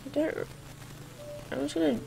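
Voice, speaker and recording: A woman's voice: moderate pace, over music. A teenage girl chatting through a gameplay video, rambling off on sarcastic little tangents. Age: teens. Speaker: gaming channel host. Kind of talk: casual gameplay commentary.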